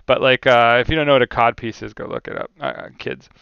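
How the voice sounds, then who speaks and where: A man co-hosting a casual card game chat, animated and rambling, often laughing between points. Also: medium pitch, quick pace, creaky, clear, resonant tone, no room sound, lo-fi sound. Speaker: podcast co-host.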